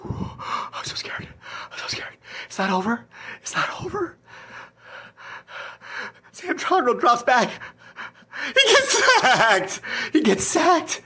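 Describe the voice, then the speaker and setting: A woman's voice: high-pitched, huge pitch swings, slow pace, pauses often, sharp tone, husky, exaggerated voice. A woman playing a distraught fantasy football manager in a comedy skit, sobbing, whispering and panicking. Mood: panicked, wailing. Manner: sobbing, whispering, swinging between panic and despair.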